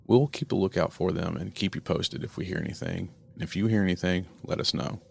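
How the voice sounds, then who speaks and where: A calm police officer, read by a man in a horror audio drama, with a deep, gravelly voice. He sounds matter-of-fact and reassuring, explaining procedure without fuss. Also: brisk, exaggerated voice. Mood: businesslike.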